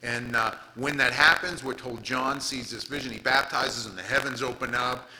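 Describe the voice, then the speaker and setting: A man's voice: medium pitch, steady tone, normal speed, bright, forceful tone, low-quality recording. A man preaching a conversational sermon, reading scripture aloud and retelling Bible stories in casual, everyday words. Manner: retells scripture casually, reads King James verses aloud. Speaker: pastor.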